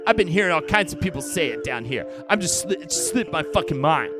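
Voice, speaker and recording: Brash, abusive film director in a video game , a man putting him on, high and bright, pitch swinging wildly. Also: lively intonation, fast, over loud music, lightly acted. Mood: rude. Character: abrasive male film director, crude and arrogant.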